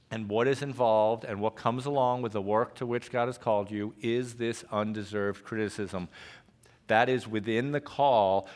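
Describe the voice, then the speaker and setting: A male pastor delivering a lively sermon in a church, joking and growling playfully to make his points. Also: on the low side. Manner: animated, jokey preaching with playful growls.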